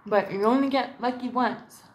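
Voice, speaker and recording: A woman vlogger with a highish voice talks to camera from home at a moderate pace, rambling across topics, swearing, and doing little mock voices when quoting people. Slight background noise can be heard.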